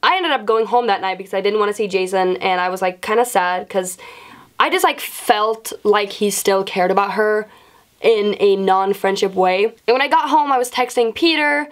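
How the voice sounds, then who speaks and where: A young woman vlogger casually telling a personal story, swearing often and acting out quoted lines in a raised voice. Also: moderate pace. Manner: animated, swears often, acts out quotes in a higher voice.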